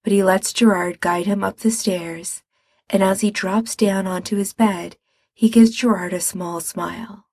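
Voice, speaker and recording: Slow, husky woman reading a story. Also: medium pitch, no echo. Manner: calm, measured storytelling. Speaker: reader. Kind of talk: reading fiction aloud.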